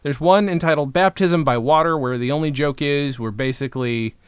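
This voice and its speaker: A man's voice: a little high, fairly quick, smooth, no echo. Wry, dry-sounding male comedy podcaster. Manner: wry, self-deprecating. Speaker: podcast co-host. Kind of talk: casual comedy chat.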